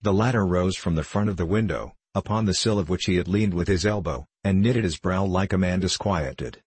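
Deep husky male audiobook narrator. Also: fairly quick, hardly any pauses, no room sound. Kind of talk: scripted classic-novel narration.

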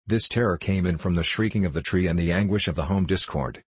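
A male narrator reads a classic novel in a steady, measured way. His voice is very deep and husky, recorded close with a dry, dead sound. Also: no room sound. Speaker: audiobook narrator.

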